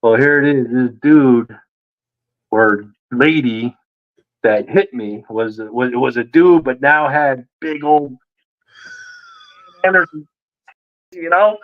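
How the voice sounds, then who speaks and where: Man, casual storyteller, acts out voices, slightly high pitch, muffled lo-fi recording. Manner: animated, acts out quoted voices. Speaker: guest.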